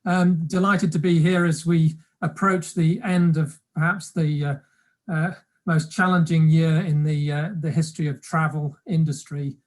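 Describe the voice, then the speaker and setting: Exec kicking off his bit of a zoom webinar, a bit halting, says words twice. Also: medium pitch, little pitch movement. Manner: halting start, repeats words. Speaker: webinar speaker, industry executive. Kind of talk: opening remarks of a business talk.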